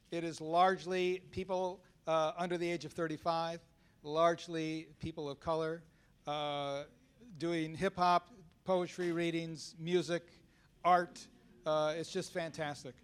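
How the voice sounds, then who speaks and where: A man's voice: sits high, a bit bright, clear, resonant tone. Enthusiastic man moderating a panel. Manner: enthusiastic, halting with fillers. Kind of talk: casual talk.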